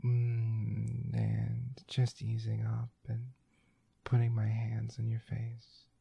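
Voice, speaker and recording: A man in whispered role-play with a deep gravel to his voice and a rough, breathy huskiness. His low, murmured delivery slips in and out of a whisper. The sound is close and dry, with little room around it. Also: monotone, takes it slowly, no room sound, highs cut off. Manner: intimate, breathy murmuring with frequent whispers and profanity. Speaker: erotic audio performer. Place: room indoors.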